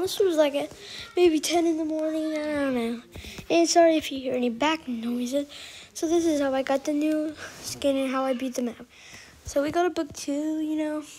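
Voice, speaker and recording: Female game voice-over, high pitched, rambling and chatty, quick to get annoyed. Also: darkish tone, a little hiss or hum, low-quality recording. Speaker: gameplay commentator. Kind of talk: recorded voice-over of gameplay.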